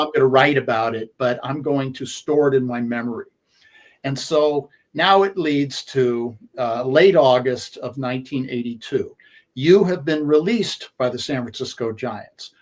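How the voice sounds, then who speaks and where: Sports radio co-host in his 60s, storytelling, halting delivery full of fillers. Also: mid-range voice. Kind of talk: conversational storytelling.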